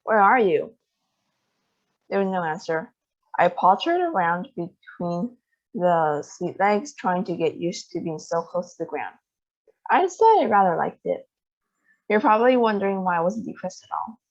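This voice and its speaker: A woman reading a children's novel aloud in an expressive storytelling manner. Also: fairly low pitch, moderate pace. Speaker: storybook reader. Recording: dull lo-fi sound.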